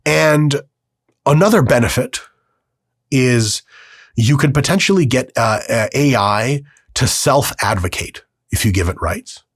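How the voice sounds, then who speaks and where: Male podcast host, solo monologue, husky and lively, dry close sound. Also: medium pitch, dry recording. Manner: animated, profane, acts out quick voices in his story.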